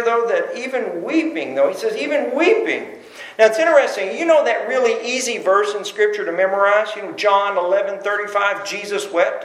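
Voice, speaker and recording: A man preaching a sermon as pastor, emphatic and full of rhetorical questions. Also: high-pitched. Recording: roomy echo.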